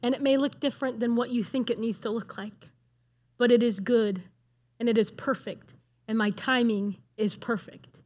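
A woman's voice: a little high, fairly even intonation, normal speed, darkish tone. A middle-aged woman giving a conversational sermon, earnest and asking the room questions. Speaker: speaker at a church gathering.

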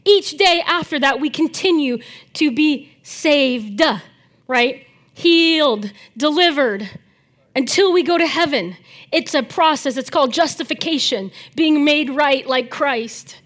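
A woman preaching a sermon, animated, moving between loud emphasis and soft near-whispered asides, chatting with the congregation now and then. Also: high voice, a little slow.

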